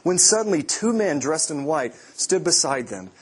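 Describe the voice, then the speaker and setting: A man's voice: a little high, very animated, moderate pace, husky. A man, a pastor, preaching a sermon with vivid storytelling, often repeating and restarting words.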